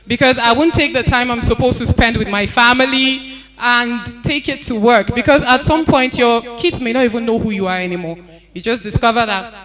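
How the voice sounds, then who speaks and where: A woman's voice: on the high side, normal speed. Earnest woman giving advice. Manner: earnest, advising, repeats key points. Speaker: panelist. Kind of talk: conference panel talk. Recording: event hall with crowd noise.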